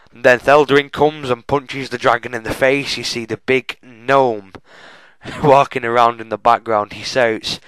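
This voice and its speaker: Chatty gamer doing walkthrough commentary. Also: male voice, medium pitch, fairly even intonation, unhurried, a bit bright, smooth, no echo, poor audio. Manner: chatty, self-mocking, keeps saying folks. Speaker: gaming channel host.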